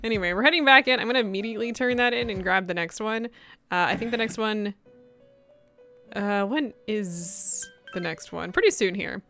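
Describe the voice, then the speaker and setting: Bright-voiced woman playing games. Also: medium pitch, normal speed, soft background music. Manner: chatty, self-correcting, laughs often. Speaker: gaming channel host. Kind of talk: casual let's-play commentary.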